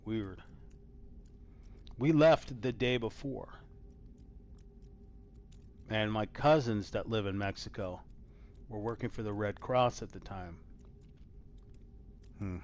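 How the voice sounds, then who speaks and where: A man hosting a live stream, rambling casually through old news and swinging between loud exclamations and low mumbling, with casual swearing. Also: slow, pauses often. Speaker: host.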